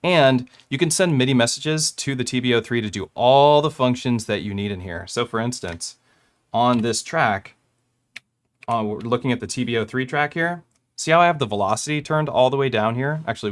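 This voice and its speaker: A young man with a medium-pitched voice talks fairly quickly as he demonstrates his gear, casually recounting how he put a track together. He rambles somewhat and catches his own mistakes with small laughs.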